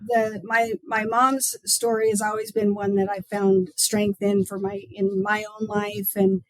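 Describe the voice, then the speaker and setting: A woman's voice: medium pitch, little pitch movement, unhurried, no echo, rough recording. A middle-aged woman, a podcast guest, introducing her mother with a hesitant, filler-filled delivery. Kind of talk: casual podcast interview.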